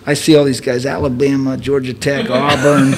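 A man's voice: medium pitch, flat delivery, normal speed, a crowd in the background. A man in his thirties telling a story in casual chat, chatty, often laughing and restarting his sentences. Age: 30s.

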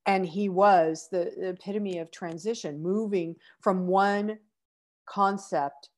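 A middle-aged woman hosts an inspirational podcast in a medium-pitched, steady voice. She speaks slowly, earnestly and emotionally, breaking off to sigh and restarting her sentences.

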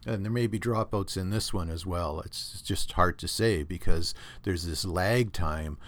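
Recorded on his home computer setup, this Canadian podcast host talks alone in a low, slightly bright voice at a moderate pace. His casual monologue is rambling and opinionated, full of restarts.

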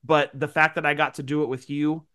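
A man's voice: fairly high pitch, level tone, brisk, sharp tone. A man co-hosting a podcast, sick with a cold and sounding nasal, chatting in a rambling, grateful way. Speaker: podcast co-host. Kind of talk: casual chat.

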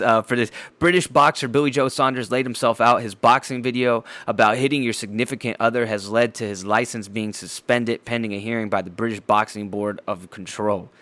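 On his own laid-back podcast, a man with a medium-pitched voice and no echo in the recording goes off on a blunt rant. He's animated and profane, dropping fillers and repeating words often.

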